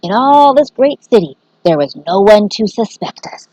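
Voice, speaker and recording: A woman voicing a jittery male art thief in a storybook, raising her voice high and excitable. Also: moderate pace, dry recording, muffled recording, natural voice. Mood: boastful.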